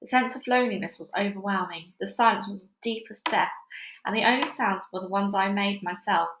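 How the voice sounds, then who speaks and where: A woman's voice: mid-range voice, a little fast, a bit bright, slight background noise. A woman at home reading a children's book aloud as narrator, casual and chatty between chapters. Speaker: read-along narrator. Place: busy house. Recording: echoey room at home.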